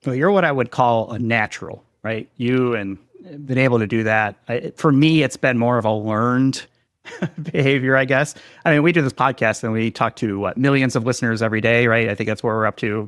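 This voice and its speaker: A man co-hosts a podcast in a casual, joking tone. His voice sits in a medium pitch and sounds dry and close to the mic. He teases his co-host and the guest, and talks about himself as an introvert. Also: brisk, fairly bright tone, no room sound. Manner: teasing, self-described introvert.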